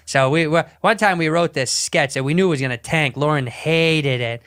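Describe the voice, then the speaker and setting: A man's voice: on the high side, moderate pace, hardly any pauses, a bit bright, clear, resonant tone. A man telling a story in casual chat, rambling, swearing and cutting himself off mid-sentence. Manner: rambling, profane, self-interrupting. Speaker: podcast storyteller.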